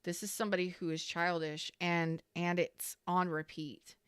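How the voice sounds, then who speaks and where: A woman's voice: lowish voice, flat delivery, normal speed, fairly bright tone, smooth, no room sound, studio quality. A woman giving a casual tarot reading to viewers, dramatic and profane, calling them y'all. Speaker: tarot reader.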